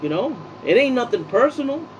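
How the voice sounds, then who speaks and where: A man's voice: extremely high pitch, big pitch swings, brisk, darkish tone, a little hiss or hum, poor audio. A man from Puerto Rico giving a heated, profane opinion rant in his vlog, repeating himself as he argues. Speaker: political vlogger.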